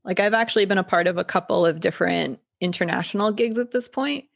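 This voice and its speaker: Female coach guest, middle pitch, vocal fry, thoughtful and measured. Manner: thoughtful, reflective. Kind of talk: casual interview chat.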